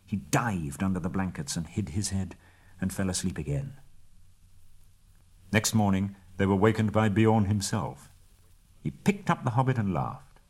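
A man reading a storybook aloud in measured narration, dropping to a hush at quiet moments. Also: deep voice, very animated, breathy edge.

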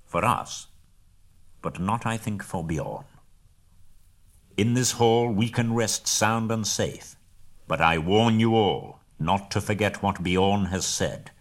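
A man's voice: on the low side, lively intonation, slow. A man voicing a commanding old wizard. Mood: warning. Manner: forceful, emphatic warnings.

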